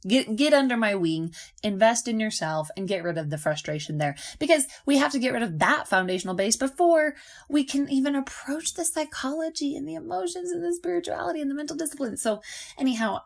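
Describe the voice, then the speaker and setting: A woman hosting a podcast as a nutrition coach, talking casually and animatedly, acting out inner voices and laughing often. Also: mid-range voice.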